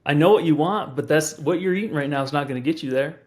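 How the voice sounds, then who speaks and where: A man's voice: fairly high pitch, quick pace. A man speaking as a personal trainer in a casual, supportive podcast conversation. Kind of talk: casual chat.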